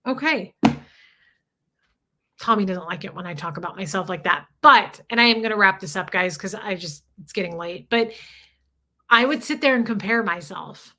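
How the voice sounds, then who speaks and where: A woman's voice: medium pitch, lively intonation, moderate pace, pushed and bright. A woman hosting a livestream, talking candidly and emotionally, swearing freely as she reads viewer comments. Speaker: livestream host.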